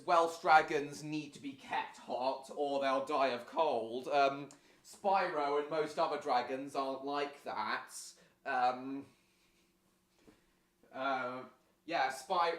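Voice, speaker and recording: A man's voice: on the high side, a bit bright, roomy sound. A man hosting a live stream, chatting casually over a show, rambling with many fillers and restarts.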